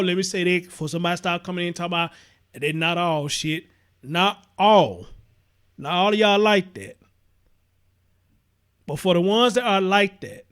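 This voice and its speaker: A man's voice: high voice, a bit bright, clear, resonant tone. A man hosting a live-stream commentary show, talking passionately and profanely and repeating himself as he reacts to viewer comments.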